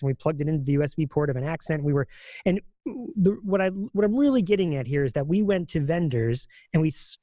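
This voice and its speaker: A man's voice: a little high, dark tone, no room sound. A man co-hosting a podcast, explaining at length in a casual, rambling way with many fillers and restarts. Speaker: podcast co-host.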